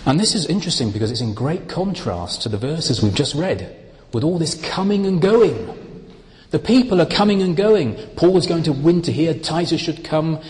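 A man preaching a sermon, explaining Bible words in a slow, deliberate, emphatic way. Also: a little high, animated, darkish tone, long reverb tail.

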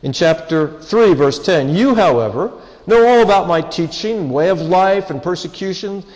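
A man's voice: on the high side, a little mellow. Earnest man preaching in a reverberant hall. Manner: earnest, pleading emphasis with drawn-out pauses. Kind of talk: sermon.

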